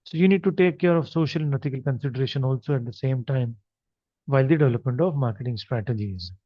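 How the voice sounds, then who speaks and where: A man with an Indian English accent lectures on marketing while talking through slides. He speaks off the cuff and fills pauses as he goes. The recording is dry and somewhat dull. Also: mid-range voice, no echo. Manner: unscripted explaining with many fillers.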